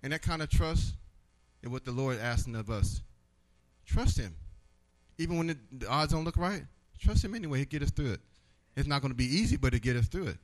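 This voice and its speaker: A man giving a personal testimony in church, telling his story with animated storytelling and acting out the voices. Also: mid-range voice, fairly quick, poor audio.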